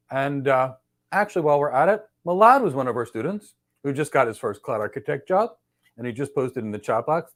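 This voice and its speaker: A man hosting a live career Q&A session and explaining things animatedly through role-play examples. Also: medium pitch. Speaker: career coach host.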